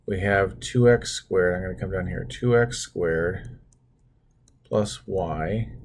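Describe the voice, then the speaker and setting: Low husky guy teaching math, takes it slow, jokes about his own drawing. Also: a little mellow. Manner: talks through steps while drawing, self-deprecating asides. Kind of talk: screen-recorded math lesson.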